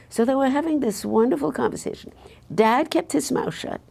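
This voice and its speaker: An older woman from Belgium recalling her past in an oral history interview, halting with frequent restarts. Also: mid-range voice, vocal fry, dark tone.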